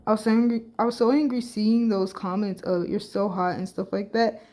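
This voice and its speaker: A woman's voice: medium pitch, little pitch movement, fairly quick, dark tone. Woman reacting to posts online, blunt and slangy, swears freely, casual vlog talk. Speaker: vlogger reacting to social media posts. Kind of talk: casual reaction vlog, reading comments aloud.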